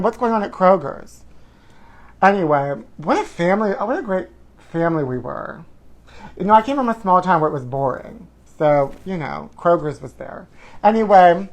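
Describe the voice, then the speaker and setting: A high-pitched man in his forties plays host on a live stream, whooping and calling his viewers honey as he goes over their comments in a campy, theatrical style.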